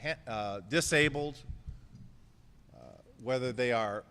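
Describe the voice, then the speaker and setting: Joking, affectionate man with a bright voice. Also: medium pitch, slow pace, clear, resonant tone. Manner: joking and affectionate, thanking people by name. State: a little emotional. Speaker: outgoing mayor giving concession speech. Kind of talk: emotional farewell speech. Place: indoor press conference hall. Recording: echoey hall with crowd murmur.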